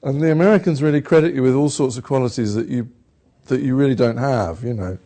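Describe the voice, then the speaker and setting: An older British man, an actor from England, telling rambling, self-deprecating stories in a relaxed conversation. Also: medium pitch, fast talker. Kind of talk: conversational storytelling.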